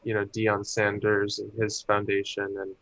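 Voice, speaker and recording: A man's voice: fairly low pitch, monotone, moderate pace, a bit bright, dry recording, poor audio. A man co-hosting a podcast, asking follow-up questions and giving short agreeing replies. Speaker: podcast co-host. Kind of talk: casual podcast chat.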